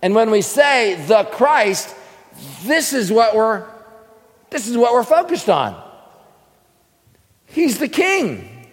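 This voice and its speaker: A man's voice: high voice, sing-song, slow, in a large hall. A man teaching scripture sermon-style, quizzing his listeners and answering his own questions. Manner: asks the audience questions and answers them himself. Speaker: preacher teaching a class.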